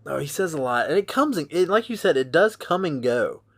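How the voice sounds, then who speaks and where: A man's voice: fairly high pitch, sing-song, fairly quick. A man hosting a casual movie podcast, chatting and sharing comic book trivia. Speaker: podcast host.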